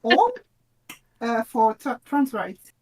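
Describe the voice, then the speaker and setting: A woman's voice: on the high side, very animated, takes it slowly, husky. A woman guest cooking dumplings on a livestream, chatting hesitantly with many uhs. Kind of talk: casual livestream chat.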